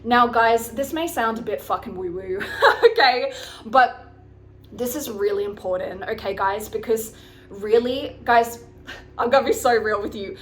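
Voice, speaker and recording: A woman life coach with a fairly high, lively voice talks at an unhurried pace, with a little hiss or hum in the audio. She gives her viewers frank, chatty advice, swears casually, and keeps checking in with "okay, guys?"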